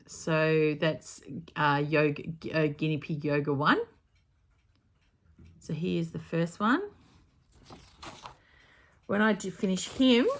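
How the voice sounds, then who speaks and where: A woman with a notably low voice talks through her stitching plans in a relaxed, rambling way. She often backtracks and corrects herself mid-sentence, in the easy manner of a home craft vlog recorded in her craft room. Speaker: cross-stitch vlogger. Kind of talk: casual chat.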